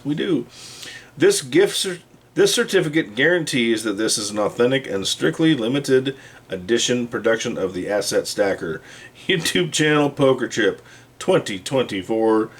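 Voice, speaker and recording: A middle-aged man with a slightly low voice talks plainly and bluntly to his viewers. His delivery is casual and down to earth, with the odd mild curse word. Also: husky. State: hiccups. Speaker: channel host. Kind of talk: casual talk to camera.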